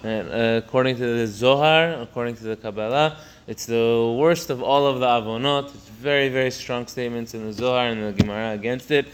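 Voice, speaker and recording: A man teaches a Torah text line by line, often stopping to restart a phrase and rising in pitch and volume to stress key points. He speaks briskly with hardly any pauses, and there's slight background noise.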